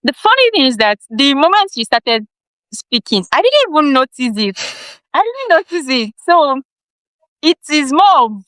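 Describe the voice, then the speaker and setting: A woman's voice: sits high, big pitch swings, unhurried, fairly bright tone, no echo, rough recording. Earnest woman giving advice. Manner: earnest advice-giving, occasional sound repetitions. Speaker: health educator and guest. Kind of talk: interview answers.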